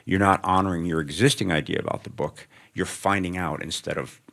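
Middle-aged man, very low voice, a writer guest musing aloud to a student audience, loose and self-interrupting. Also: fairly even intonation, a little fast, fairly bright tone. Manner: thoughtful, rambling, self-interrupting. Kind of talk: onstage interview before students. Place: lecture room with student audience.

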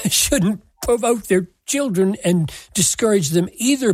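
Husky, unhurried Bible teacher; deliberate, emphatic delivery that quotes scripture verbatim. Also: medium pitch, darkish tone, dry recording. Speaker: Bible teacher answering a listener question.

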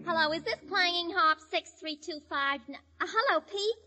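A woman's voice: very high voice, normal speed, long reverb tail, over music. A woman comedienne doing a slangy, wisecracking phone monologue in a 1940s radio comedy. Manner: brassy, slangy, wisecracking one-sided phone chatter. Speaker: comedienne, guest.

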